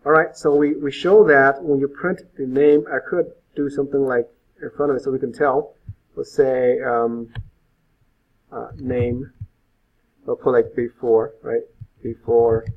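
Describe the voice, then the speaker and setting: A man's voice: medium pitch, fairly even intonation, measured pace. A male web instructor giving an informal live coding lecture, thinking aloud with frequent fillers. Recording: phone-like lo-fi sound.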